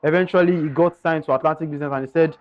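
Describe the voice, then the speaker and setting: A man's voice: fairly high pitch, fairly even intonation, racing. A man telling his own story in a candid, earnest way, often calling his listeners guys. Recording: slightly dull lo-fi sound.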